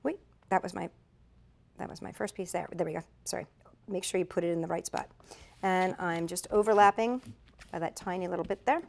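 A woman's voice: fairly low pitch, a little fast, creaky, long pauses. A middle-aged woman giving a chatty step-by-step craft tutorial, correcting herself as she demonstrates. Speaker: craft instructor.

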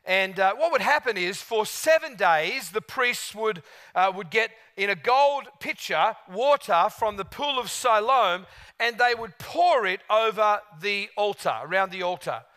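A man preaching a sermon, a gregarious and animated storyteller. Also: high-pitched, a little slow. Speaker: guest preacher.

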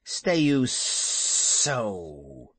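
A man voicing a huge, ancient male python who speaks slowly and menacingly with a hiss. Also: mid-range voice, big pitch swings, fairly bright tone, slightly rough, no echo, heavily acted. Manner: slow, hissing, drawn-out speech. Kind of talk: storybook character voice.

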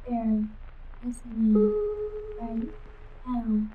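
A woman's voice: fairly high pitch, very animated, drawn-out words, slight background noise, exaggerated voice. A woman voicing an eerie, clingy ghost girl in a horror game, with a distorted voice. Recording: tinny phone-like tape.

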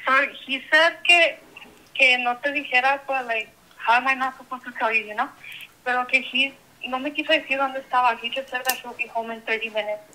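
A woman's high, very bright voice comes through a tinny phone line. She chats casually and switches freely between English and Spanish. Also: brisk. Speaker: sister-in-law on the phone.

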